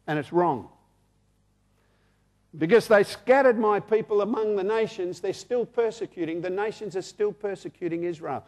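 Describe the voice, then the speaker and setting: High-pitched Australian preacher in his sixties. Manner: emphatic, repeats key phrases, reads scripture aloud. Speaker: pastor. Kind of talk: sermon.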